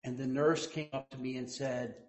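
A man preaching a sermon as pastor, telling stories and quoting people in hushed voices, then rising to loud emphasis. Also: mid-range voice, little pitch movement, moderate pace. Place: church sanctuary. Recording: echoey church room.

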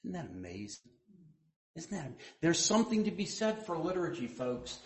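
A man preaching a sermon as pastor, telling stories and quoting people in hushed voices, then rising to loud emphasis. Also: fairly high pitch, very animated, normal speed. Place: church sanctuary. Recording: echoey church room.

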